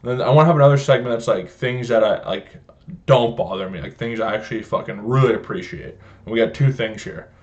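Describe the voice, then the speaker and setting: A young man hosts his own podcast, ranting casually with constant swearing and bursts of laughter. His voice sits at an ordinary middle pitch. The audio is a little dull and lo-fi. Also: fast. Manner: profane, joking storyteller, laughs often. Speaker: podcast host. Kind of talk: casual solo podcast rant.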